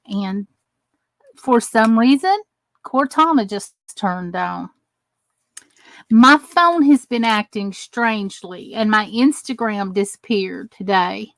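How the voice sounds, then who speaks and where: A crafting channel host, a middle-aged woman from the US, leads a live tutorial, chatting away and naming viewers as she greets them while her hands stay busy. She speaks slowly in a mid-range voice, with no echo.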